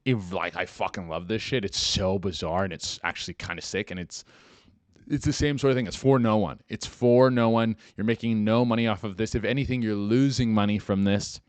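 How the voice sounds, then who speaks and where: A man hosting a podcast in casual, rambling talk, full of swearing and fillers, getting animated when excited. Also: fairly low pitch, brisk, dry recording. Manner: rambling, profane, lots of "like" and "dude". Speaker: podcast host.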